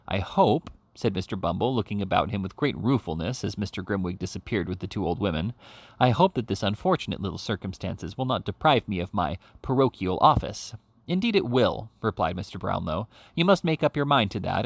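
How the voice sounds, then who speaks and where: A man's voice: lowish voice, vocal fry, no room sound. A man reading a classic novel aloud as an audiobook reader, giving the characters' lines a livelier delivery than the narration.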